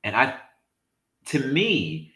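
Animated man in an echoey room. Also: medium pitch, drawn-out words. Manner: animated, emphatic, searching for words. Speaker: podcast co-host. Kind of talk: casual sports chat.

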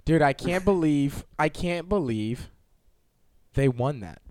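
An excitable young man co-hosting a podcast who swears and laughs a lot. His voice sits high and swings widely in pitch, and the sound is dry and close. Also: takes it slowly, dry recording. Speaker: podcast co-host. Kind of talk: casual chat.

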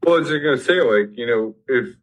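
A man's voice: medium pitch, animated, fast, rough recording. A man talking as a podcast guest in a loose, joking way, full of fillers like "like" and "you know". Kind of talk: casual podcast chat.

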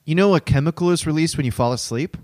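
A man co-hosting a podcast who talks in an animated, chatty, open way about himself. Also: fairly high pitch, quick pace, no room sound, clean studio sound. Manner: animated, chatty and self-revealing. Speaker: podcast co-host. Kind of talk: casual podcast chat.

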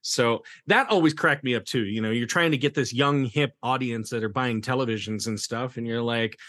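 A man's voice: mid-range voice, normal speed, fairly bright tone, no echo, clean studio sound. A man hosting a theater history podcast, chatting casually, laughing often and reading quotes aloud. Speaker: podcast host. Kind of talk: casual chat.

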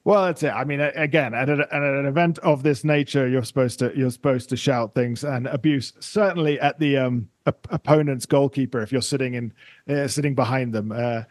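A man's voice: medium pitch, fairly even intonation, fairly quick, no room sound, studio quality. Man hosting a podcast. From England. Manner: warmly encouraging, full of restarts. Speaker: podcast host. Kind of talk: casual interview.

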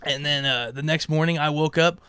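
A young man telling a story in casual chat, animated and swearing, acting out what others said. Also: on the high side, fairly quick, smooth, no room sound. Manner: animated, swearing, acts out quotes.

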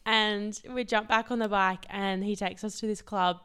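Young woman, podcast co-host, mid pitch, clean smooth tone, casual recap. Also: fairly even intonation, normal speed, fairly bright tone. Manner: breezy, filler-heavy recounting. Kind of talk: casual chat.

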